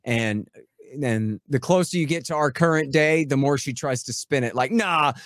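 A man's voice: mid-range voice, normal speed, dry recording, studio quality. A man speaking as a guest expert in a casual podcast conversation, rambling and sarcastic, swearing freely.

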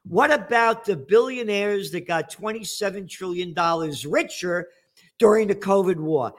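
Older man, ranting commentary, profane, sarcastic, slightly high voice. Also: normal speed. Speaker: trend forecaster host. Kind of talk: angry commentary monologue.

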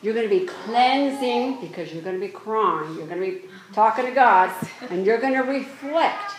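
A woman preaching a sermon, reading scripture aloud slowly and exhorting her congregation earnestly. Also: a little high, animated. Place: church. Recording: echoey room with faint noise.

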